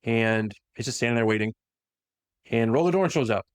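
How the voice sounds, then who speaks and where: A man's voice: mid-range voice, expressive, moderate pace, dry recording, clean studio sound. A man hosting a podcast, casually retelling a story with lots of fillers and self-corrections. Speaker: podcast host.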